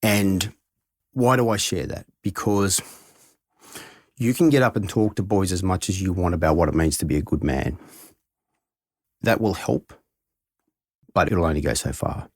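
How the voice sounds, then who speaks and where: Husky deep-voiced man telling a heartfelt story. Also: moderate pace, long pauses, no echo, clean studio sound. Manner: earnest, heartfelt, reflective. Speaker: head of school, guest. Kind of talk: reflective storytelling in a podcast interview.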